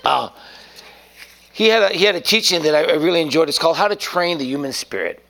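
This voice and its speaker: A man's voice: on the high side, animated, fast, vocal fry, bright, forceful tone. A man preaching an informal sermon in a rambling, folksy way, often restarting his sentences.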